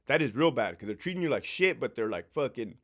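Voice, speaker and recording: A man's voice: mid-range voice, quick pace. A middle-aged man, a former prison sergeant, telling blunt, profane stories in a casual monologue. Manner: profane, blunt, animated storytelling.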